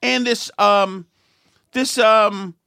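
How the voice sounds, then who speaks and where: A middle-aged man telling a rambling, self-mocking story in a casual chat, often restarting and acting out angry shouts. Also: high-pitched, steady tone, very slow, vocal fry, clean tone, no room sound, studio quality. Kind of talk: casual anecdote.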